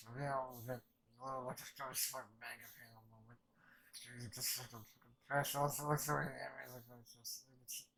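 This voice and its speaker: A man talks through an anime episode in a level, mid-pitched voice that barely rises or falls. His talk is loose and rambling, thick with swearing and filler words. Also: a bit bright, rough recording. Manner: rambling, profane, filler-heavy. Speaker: reaction channel host. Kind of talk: anime reaction commentary.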